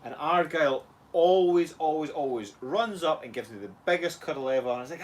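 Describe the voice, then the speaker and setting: A man's voice: mid-range voice, fairly quick. A Scottish man co-hosting a casual live chat, chatty and earnest, laughing easily. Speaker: co-host.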